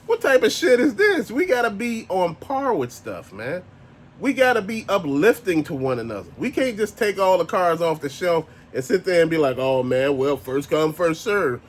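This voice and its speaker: A man's voice: high-pitched, sing-song, moderate pace. A married man ranting casually to camera as a toy collector vlogger, blunt, profane and exasperated. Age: adult, married.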